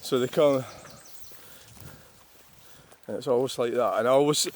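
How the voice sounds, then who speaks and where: A man's voice: medium pitch, steady tone, a little slow, a little hiss or hum. Rambling older Scottish man musing outdoors. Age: 60s. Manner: musing, meandering, wry self-mocking asides. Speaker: vlogger. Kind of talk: rambling, reflective monologue.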